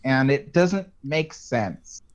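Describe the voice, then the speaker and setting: A man's voice: medium pitch, animated, slow, muffled recording. A man co-hosting a casual podcast chat, chatty and laughing between remarks. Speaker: podcast co-host.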